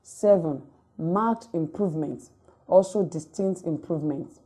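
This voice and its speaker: A woman lecturer reading out word lists item by item in a measured, dictating way for a recorded distance-learning lecture. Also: lowish voice, mellow, husky.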